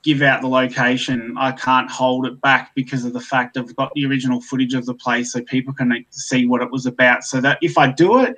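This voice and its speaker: A man's voice: mid-range voice, fairly bright tone, rough recording. A man with an Australian accent chatting as a guest over a video call, self-deprecating and rambling with lots of fillers. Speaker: guest YouTuber. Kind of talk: casual chat.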